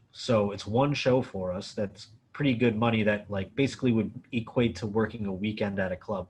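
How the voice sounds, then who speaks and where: A comedian from Buffalo, New York, guesting at a Q&A, who tells a story in a casual, animated way, swearing often and saying "like" a lot. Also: male voice, fairly low pitch, slightly rough.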